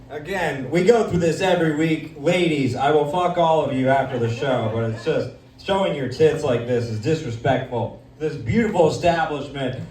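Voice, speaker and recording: A man's voice: on the high side, moderate pace, hardly any pauses. A man hosting a live comedy show, bantering in a brash, crude, mock-pompous way. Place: comedy night in a dispensary. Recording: echoey room, distant mic.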